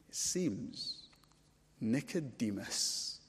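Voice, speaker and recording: A man preaching an expository sermon, working through a passage and getting louder and higher when he presses a point. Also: slow pace. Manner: rises to loud, high-pitched emphasis when stressing points. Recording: long hall reverb.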